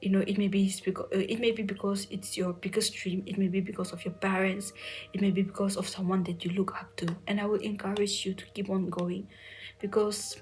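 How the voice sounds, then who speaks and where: A young woman recounts a personal story in a soft, hushed voice that keeps slipping toward a whisper. Her pitch stays level and narrow as she speaks through tears, full of "you know" and "like". Light music plays underneath. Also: level tone, brisk. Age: young adult. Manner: soft-spoken, often near a whisper, many fillers. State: tearful, emotional. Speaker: medical entrance exam aspirant sharing her story.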